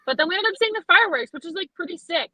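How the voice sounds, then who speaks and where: Young woman guest, high bright voice, chatty and foul-mouthed storyteller, dry close sound. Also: racing, dry recording, poor audio. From Alberta, Canada. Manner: chatty, profane, animated storyteller. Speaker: podcast guest, western photographer. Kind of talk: casual chat, storytelling.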